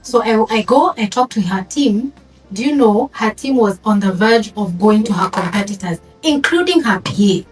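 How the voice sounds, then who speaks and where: A woman telling stories on an event panel in a lively, animated way, mixing English with Swahili phrases and drawing the audience in. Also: mid-range voice, normal speed, soft background music. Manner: animated, storytelling, code-switches into Swahili. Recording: echoey room from far off, noisy.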